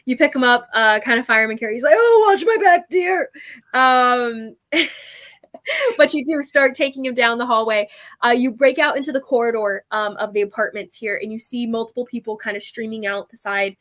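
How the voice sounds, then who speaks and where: Chatty woman game master. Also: a little high. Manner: lively, chatty narration with quick voiced asides. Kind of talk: narrating a tabletop game.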